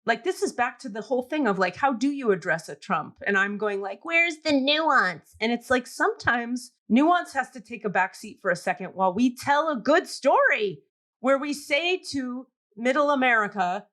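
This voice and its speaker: A woman co-hosts a podcast in casual chat, ranting with animated energy and frequent swearing. Her voice sits on the high side and sounds bright and forceful. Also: moderate pace. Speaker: podcast co-host.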